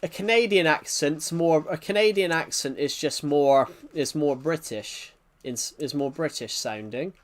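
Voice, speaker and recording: A man with a thick regional accent, chatting on a live game stream in a rambling, halting way with many restarts. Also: a little high. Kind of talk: live-stream chat while gaming.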